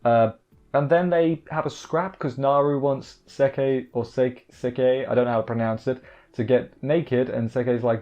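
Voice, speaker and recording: A man's voice: mid-range voice, a little mellow, highs cut off. A man casually recapping an anime episode, rambling with frequent restarts and asides. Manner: rambling, self-interrupting, quick asides. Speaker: anime reviewer.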